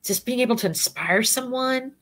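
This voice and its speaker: A middle-aged woman educator speaking as an interview guest, animated and often acting out the voices of people she quotes. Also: fairly high pitch, moderate pace. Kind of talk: conversational interview.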